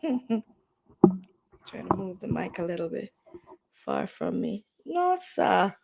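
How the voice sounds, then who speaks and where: A woman with a Jamaican accent chats on a livestream at an unhurried pace. Her pitch sits in a middle range. She mixes patois into her talk and laughs often. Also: very animated, vocal fry, background noise. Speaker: livestream host. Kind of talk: casual livestream chat.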